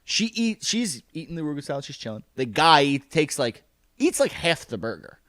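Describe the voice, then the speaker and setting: A man's voice: a little high, big pitch swings, brisk, fairly bright tone, no echo. A man co-hosting a podcast, telling a story in a casual, profane way and acting out other people's lines. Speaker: podcast co-host.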